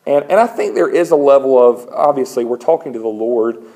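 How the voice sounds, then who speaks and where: A man's voice: mid-range voice, fairly quick, poor audio. A man preaching a sermon in a conversational, lightly humorous way, often acting out the voices of people in his stories. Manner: conversational, animated storytelling with acted-out voices; frequent fillers and restarts, lightly humorous. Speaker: pastor.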